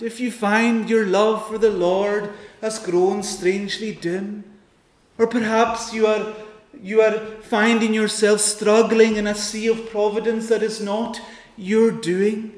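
A man preaching a sermon in a high, even voice that stays level in pitch. He speaks slowly and earnestly, pleading with his listeners and letting his pauses sit. The sound rings with the echo of a large room. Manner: earnest, pleading, with dramatic pauses and quoted prayers.

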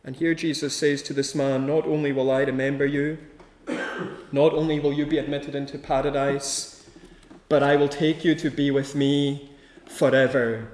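A man's voice: on the high side, a little mellow, echoey room. A man preaching a sermon with a rhythmic delivery, building his points through emphatic repeated lists.

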